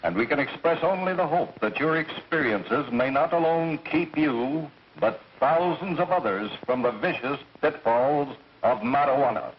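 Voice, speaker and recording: An actor plays a stern, formal male judge of middling pitch who speaks in a measured way. The sound is a muffled 1930s film track with faint hiss. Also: lightly acted. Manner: formal, measured, pronouncing a ruling.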